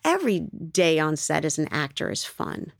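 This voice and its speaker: A low-voiced woman with a gravelly fry talks through an interview in a loose, rambling way. She laughs easily between thoughts. The sound is dry and close. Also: big pitch swings, moderate pace, no room sound. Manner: chatty and rambling, laughs often. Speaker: actress being interviewed. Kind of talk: casual interview answers.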